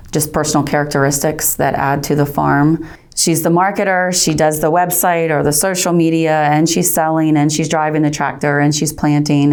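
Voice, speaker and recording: Low-voiced woman explaining farm life. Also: darkish tone. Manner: measured, explanatory. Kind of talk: documentary interview commentary.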